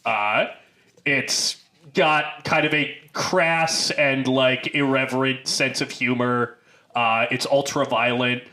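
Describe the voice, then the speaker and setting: A man's voice: medium pitch, fairly even intonation, slow, bright, forceful tone. A man co-hosting a film podcast in casual chat, rambling with many fillers and restarts. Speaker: podcast co-host.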